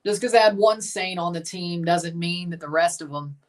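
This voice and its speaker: A woman hosting a live game watchalong, giving chatty, blunt reaction commentary and bursting into excited cheers. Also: fairly low pitch, moderate pace, recorded from a distance. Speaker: livestream watchalong host.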